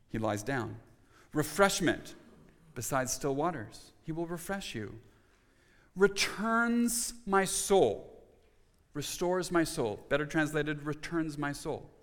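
A pastor delivers his sermon in a somewhat high voice, with the sound ringing out through a long, reverberant church hall. He preaches with emphasis, poses rhetorical questions and often restarts his phrases. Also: fairly bright tone.

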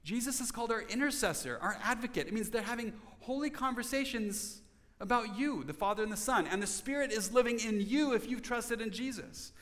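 A man preaching a sermon as pastor, earnest, dropping to soft tones for emphasis. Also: very high-pitched, lively intonation, brisk, long reverb tail.

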